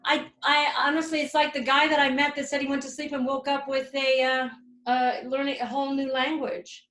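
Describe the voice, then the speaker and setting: A woman's voice: sits high, little pitch movement, brisk, a bit bright. A woman shaman guiding an energy healing over a video call, with soothing, repetitive invocations. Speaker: shaman healer. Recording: roomy echo.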